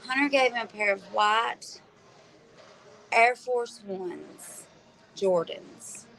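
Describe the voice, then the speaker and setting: A woman's voice: mid-range voice, slow pace, creaky, a bit bright, low-quality recording. A woman chatting casually with her husband on a livestream, teasing and using many ums. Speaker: co-host, the vlogger's wife. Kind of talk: casual chat. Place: restaurant.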